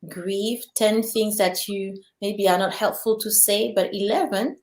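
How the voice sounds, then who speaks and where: A woman hosting an interview, affirming her guest with many soft responses. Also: mid-range voice, steady tone, a little slow, echoey room. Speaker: podcast host. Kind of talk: conversational interview.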